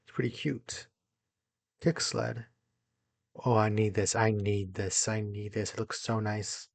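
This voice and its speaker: Husky young man building and exclaiming. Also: fairly low pitch, a little slow, no room sound. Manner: excitable, talks to himself while building, jumps between mumbling and loud exclamations. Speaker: gaming YouTuber. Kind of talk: casual gameplay commentary.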